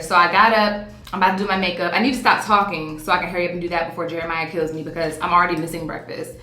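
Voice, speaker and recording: A woman, talking to camera in a chatty, animated, playful vlog style. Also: on the low side, echoey room. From Virginia, USA. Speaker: vlogger. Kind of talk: casual vlog talk to camera. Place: hotel room on vacation.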